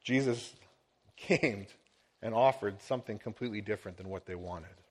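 A man's voice: lowish voice, normal speed, breathy edge. A middle-aged man preaching a sermon as a pastor, earnest and building to emphatic swells.

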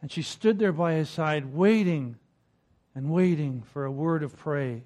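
High-voiced man preaching a chatty sermon. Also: a little slow, a little mellow. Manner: conversational, repeats words when starting phrases, chuckles between points.

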